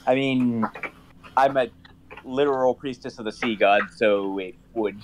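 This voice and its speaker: A man playing a tabletop role-playing game, talking in an animated, joking way. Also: medium pitch, measured pace, background noise. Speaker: player.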